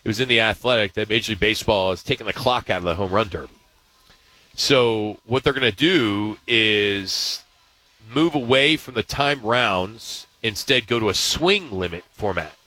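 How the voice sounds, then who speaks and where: A man hosting a sports radio show, running through news items in a brisk, upbeat way. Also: on the low side, sharp tone, no room sound, poor audio. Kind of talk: casual sports talk.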